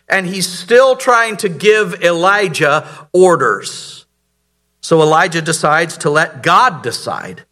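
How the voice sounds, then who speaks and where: A man's voice: sits high, pushed and bright. A man preaching a sermon, telling the story dramatically and asking the audience rhetorical questions. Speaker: pastor.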